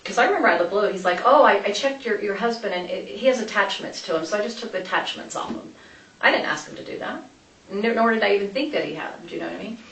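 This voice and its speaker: This interviewee has a mid-range, slightly bright voice and talks at a quick pace. She recounts events to police in a chatty, wandering way, frequently switching course partway through. The interview room sounds echoey, captured by a distant mic with some light noise.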